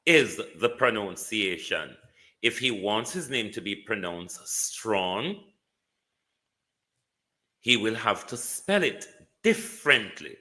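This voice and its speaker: A man's voice: medium pitch, big pitch swings, slow pace, pushed and bright. A man with a Jamaican accent hosting a live stream, giving casual political commentary, greeting viewers by name and repeating words for emphasis.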